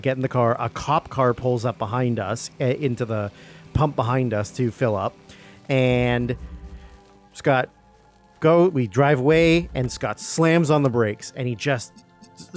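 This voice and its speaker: A man with a mid-range voice tells a casual, rambling story on a stream. He slips into quick voices for the people he quotes. Faint music sits in the background. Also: mid-range voice. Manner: lively storyteller who acts out quoted voices. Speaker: stream guest. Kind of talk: casual anecdote telling.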